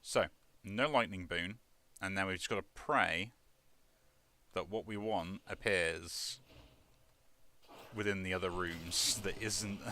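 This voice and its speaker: Low-voiced man, bright chatty game commentary. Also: takes it slowly, pauses often. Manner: rambling, chuckling, filler-heavy. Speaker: let's play gamer. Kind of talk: casual gameplay commentary.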